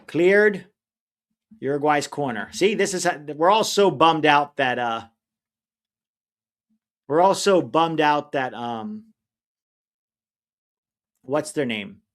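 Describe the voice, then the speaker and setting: A man's voice: on the high side, lively intonation, takes it slowly, pauses often. A man hosting a livestream watch-along, chatting casually and reading viewer comments. He rambles, gives easy opinions and often loses track of names mid-sentence. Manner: opinionated and easygoing.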